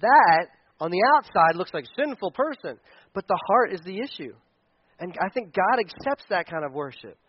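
A man's voice: high-pitched, very animated, normal speed, breathy edge, lo-fi sound. A male pastor preaching a conversational sermon, acting out quotes with energy.

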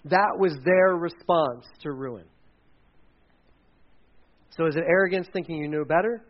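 A man's voice: fairly high pitch, measured pace, lo-fi sound. A male pastor giving a sermon in a church, telling stories with animation and acting out quotes. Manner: animated storyteller, acts out quotes.

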